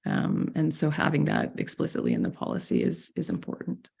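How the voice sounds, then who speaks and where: A man's voice: a little high, wildly swooping pitch, brisk, vocal fry, darkish tone, husky. A man councillor in a council chamber, arguing his point in a loose, conversational way and teasing a colleague. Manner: conversational, teasing, lots of fillers. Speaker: city councillor. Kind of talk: council debate.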